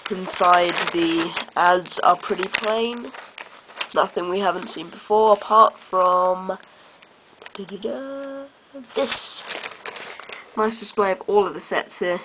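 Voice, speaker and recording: A woman's voice: fairly low pitch, steady tone, measured pace, noisy background. Chatty woman, tinny lo-fi camera audio. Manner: chatty and offhand. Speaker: toy reviewer. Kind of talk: casual toy review. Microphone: built-in camera mic.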